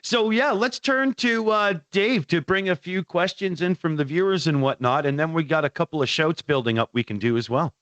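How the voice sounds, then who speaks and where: A man hosting a casual livestream chat, excitable and freely swearing. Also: on the high side, moderate pace, hardly any pauses, no room sound. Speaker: host.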